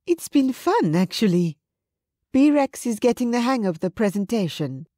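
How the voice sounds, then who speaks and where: A woman voicing an emotional young female head chef in an audiobook, her pitch raised and urgent. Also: sing-song, measured pace, warm tone, dry recording, studio quality. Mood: cheerful.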